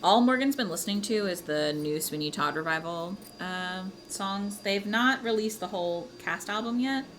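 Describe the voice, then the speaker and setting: A woman hosting a casual livestream from home, chatting with viewers in a giggly, animated way with casual swearing. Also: mid-range voice, normal speed, hardly any pauses, slight background noise. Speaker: livestream host.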